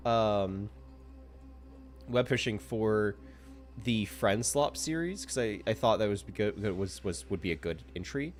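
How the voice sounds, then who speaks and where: A man streaming live gameplay commentary, excitable and self-mocking, exasperated at his own character. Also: on the low side, a little slow, soft background music.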